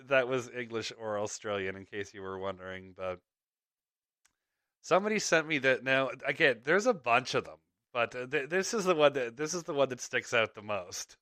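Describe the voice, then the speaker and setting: Bright, crisp-voiced male podcast host. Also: mid-range voice, expressive, moderate pace, no echo, studio quality. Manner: rambling, chuckling between thoughts. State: slight clicky voice from ear infection. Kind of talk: casual podcast chat.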